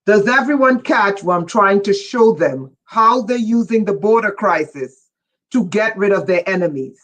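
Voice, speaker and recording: A livestream host reading viewer chat, who gets excited and raises their voice, often breaking off with "whoa" and asking listeners whether they follow. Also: mid-range voice, normal speed. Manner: breaks off with repeated "whoa" and "wait". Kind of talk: casual livestream talk to viewers.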